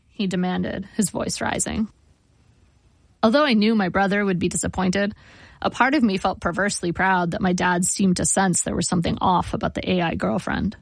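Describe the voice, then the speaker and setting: A woman reading her memoir aloud in a wry, measured storytelling manner. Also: lowish voice, fairly even intonation, gravelly, breathy edge, dry recording. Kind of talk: memoir audiobook narration. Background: guitar music.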